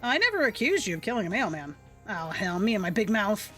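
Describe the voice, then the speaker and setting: A woman's voice: medium pitch, sing-song, brisk, fairly bright tone, soft background music. Blunt, defensive backwoods hunter man, read by a woman. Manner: rough dropped-grammar talk, defensive and boastful. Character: blunt rough male hunter, gruff and boastful.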